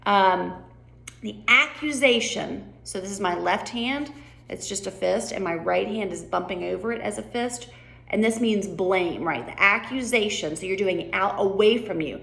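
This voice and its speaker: A woman's voice: medium pitch, normal speed, vocal fry, fairly bright tone. A woman directing a play rehearsal in a casual way, often checking in with "right?". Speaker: drama director. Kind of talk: rehearsal coaching.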